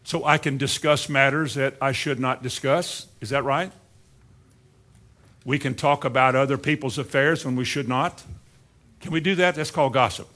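A man delivering a sermon in a fairly high voice. He peppers the congregation with rhetorical questions and slips into dry sarcasm. He drops into quiet asides, then climbs back up for emphasis. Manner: swings between quiet asides and rising emphasis. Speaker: preacher.

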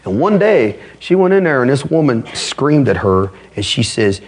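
Male pastor preaching a sermon, kinda raspy husky voice, talks emphatic but casual. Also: medium pitch, big pitch swings, normal speed, hardly any pauses.

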